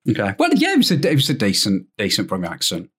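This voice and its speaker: A man's voice: on the low side, wildly swooping pitch, breathy edge. A man chatting and teasing friends in a casual stream. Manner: teasing, quick to laugh. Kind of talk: casual chat.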